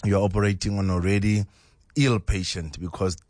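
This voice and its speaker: A man, a doctor guest on a radio show explaining in a measured, halting way. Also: sits low, fairly even intonation, darkish tone, no room sound, clean studio sound. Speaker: doctor, bariatric surgeon guest.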